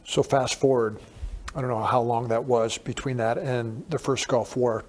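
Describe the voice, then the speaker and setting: A man interviewing a guest, keeping the conversation moving with eager prompts and questions. His voice has an average male pitch. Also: fairly even intonation, moderate pace. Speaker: interview host.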